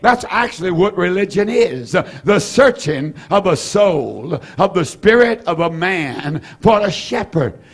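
Older male preacher in his 70s, high-pitched, fervent, repetitive delivery, shouts at peaks, lots of "uh" fillers. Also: very animated, measured pace, few pauses, husky. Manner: frequent "uh" fillers and restarts. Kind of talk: evening sermon.

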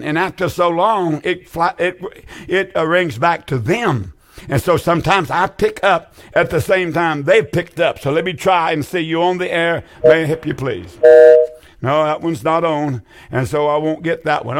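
An older man hosts a call-in Bible radio show, earnest and folksy, often repeating phrases for emphasis. His voice is slightly high and fairly bright.

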